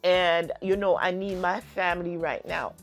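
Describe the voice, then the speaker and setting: A woman's voice: lowish voice, fairly even intonation, moderate pace, faint music behind. A woman casually retelling a reality TV episode, acting out the quoted lines with lots of fillers. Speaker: TV recap vlogger.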